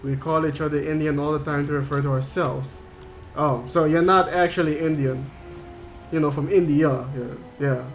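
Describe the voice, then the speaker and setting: A man's voice: on the high side, steady tone, moderate pace, soft background music. A man livestreaming a game, chatting casually and rambling as he thinks aloud while reading chat. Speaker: game streamer.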